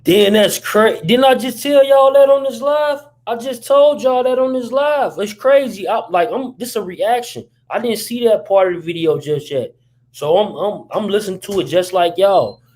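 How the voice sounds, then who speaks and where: Give me a high-pitched man chatting casually as he reacts live for his viewers. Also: moderate pace, a little mellow. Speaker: channel host reacting to a clip.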